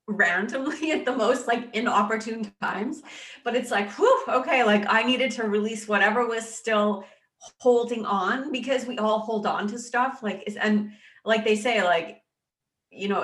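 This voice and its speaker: A woman guest in an interview, speaking haltingly and choked up, with many restarts. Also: mid-range voice, fairly bright tone, echoey room. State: choked up with emotion. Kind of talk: emotional personal interview.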